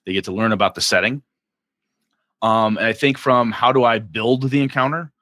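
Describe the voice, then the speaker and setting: Bright-voiced man chatting about game mastering. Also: fairly low pitch, no echo, clean studio sound. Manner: animated, acts out characters in quick voices. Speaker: game master podcast co-host. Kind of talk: casual chat about running tabletop games.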